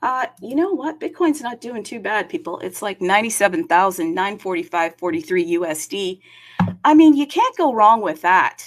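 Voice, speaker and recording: Woman, livestream host, chatty, upbeat, loose delivery with lots of fillers, mid-pitched voice. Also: very animated. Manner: chatty, upbeat, greets viewers city by city; frequent fillers, self-aware about talking fast. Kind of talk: casual crypto livestream chat.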